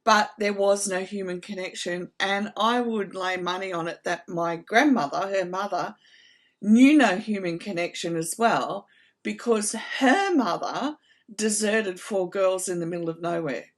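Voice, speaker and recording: Middle-aged woman hosting a healing channel, earnest, slow emphatic talk, heartfelt. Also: mid-range voice. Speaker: trauma recovery channel host. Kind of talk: reflective talk to camera.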